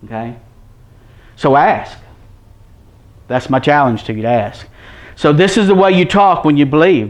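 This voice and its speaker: A man's voice: fairly high pitch, unhurried, long pauses. A man preaching an earnest Bible-teaching sermon, repeating his points and checking in with his listeners. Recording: dull lo-fi recording.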